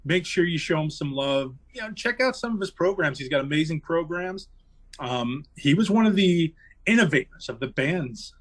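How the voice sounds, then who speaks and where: A man's voice: a little high, expressive, normal speed, fairly bright tone. A man co-hosting a podcast, giving a jokey, hyped-up plug and urging listeners like a preacher. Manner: hyped, mock-preachy exhortation. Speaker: podcast co-host.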